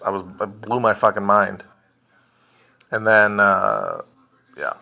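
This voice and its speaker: Guy rambling on a phone livestream, swears a lot, bright punchy voice. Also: lowish voice, sing-song, takes it slowly, gravelly. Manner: profane, blunt and joking. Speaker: podcast host answering viewer questions. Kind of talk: casual livestream chat. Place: indoors at home, streaming.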